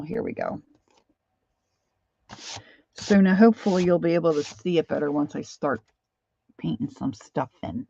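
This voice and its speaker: Slow, gravelly-voiced woman chatting while drawing. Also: lowish voice, warm tone, muffled recording. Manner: chatty, self-deprecating, halting with fillers. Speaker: art journaling vlogger. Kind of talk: casual live drawing chat.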